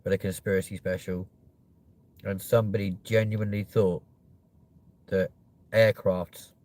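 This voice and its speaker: A man's voice: sits low, flat delivery, measured pace, a little mellow. Sweary, rambling male streamer. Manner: sweary, jokey, chatty with viewers. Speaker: live-stream host. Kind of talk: rambling live-stream chat.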